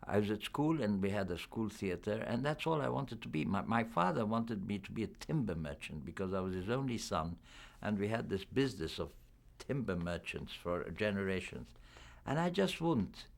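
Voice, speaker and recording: Older actor at a press junket, gravelly and low, swinging his pitch widely, candid and musing. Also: big pitch swings, normal speed. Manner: reflective, candid, chuckling. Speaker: film actor being interviewed.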